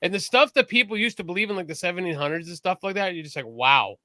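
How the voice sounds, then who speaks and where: A man's voice: high voice, racing, sharp tone, no echo. A man co-hosting a casual podcast, a rambling jokester who fills his talk with "like" and "uh". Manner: rambling, filler-heavy jokester. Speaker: podcast co-host. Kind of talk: casual chat.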